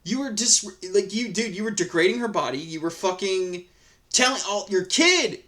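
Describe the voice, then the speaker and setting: A man's voice: high voice, animated, moderate pace, sharp tone. A man reading an online story aloud, then giving a heated, profane commentary full of restarts and repeats.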